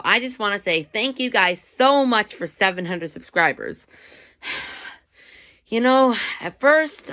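A man hosting his own channel and closing the video casually, speaking softly and a little out of breath. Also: high voice, clear, resonant tone. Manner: soft-spoken, a little breathless. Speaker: channel host.

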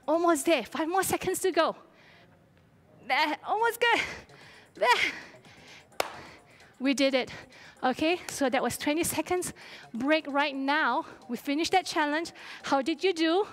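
A woman's voice: high-pitched, slow pace, fairly bright tone. A woman fitness instructor coaching a live workout, encouraging and cheering her class on while out of breath. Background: faint music.

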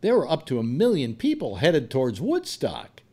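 A radio show host in his seventies leads a casual panel chat, spinning long, rambling stories from his past. His voice is medium-pitched and dark, swooping wildly in pitch at a moderate pace.

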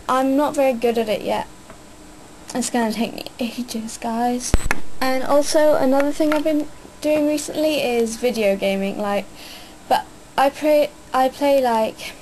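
A woman's voice: on the high side, darkish tone, slight background noise, rough recording. Hyper, rambling young woman vlogging. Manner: hyper, rambling, many fillers. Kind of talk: casual vlog chat.

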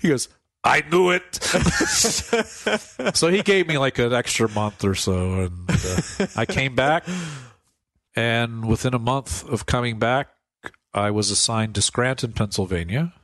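A man in a casual radio talk, his voice at an ordinary middle pitch, who tells stories with plenty of laughter. He acts out the voices of the people he quotes, recorded close and dry in a studio. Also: lively intonation, measured pace, a bit bright, no echo. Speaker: priest guest. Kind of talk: casual storytelling interview.

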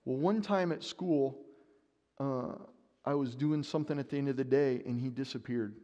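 A man's voice: medium pitch, normal speed, warm tone, dull audio. A man preaching a sermon, telling a story with animation and acting out his own panic. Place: church sanctuary. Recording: long church reverb.

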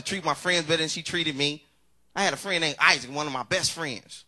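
A man's voice: on the high side, brisk, pushed and bright, slight background noise. A young male stand-up comedian with a congested voice, talking casually and teasing the audience.

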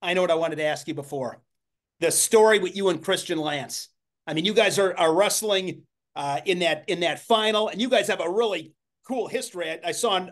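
A man hosts a relaxed interview, feeling his way through questions with frequent ums and restarts. His voice is notably high for a man. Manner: hesitant, filler-heavy questions. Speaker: podcast host. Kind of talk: casual interview.

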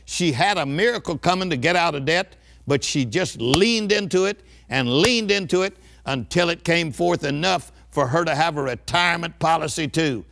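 A man's voice: on the high side, normal speed, gravelly, background noise. An older man preaching with a fervent, rousing delivery and a slightly raised voice. He stresses his points and keeps calling on the listeners to repeat after him. His style is that of a church sermon. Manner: emphatic call-and-response preaching.

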